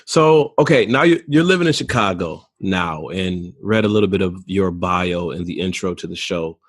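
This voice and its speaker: Deep-voiced guy hosting a podcast, friendly, asks earnest digging questions. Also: animated, normal speed, slightly rough. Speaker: podcast host. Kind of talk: interview conversation.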